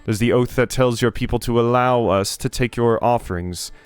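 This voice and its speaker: A man's voice: medium pitch, normal speed, clear, resonant tone, dry recording, faint music behind, lightly acted. A man voicing a proud, zealous male gull in a video game, in a pompous, formal way with broken phrasing. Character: proud zealous talking gull, a male sea bird guard.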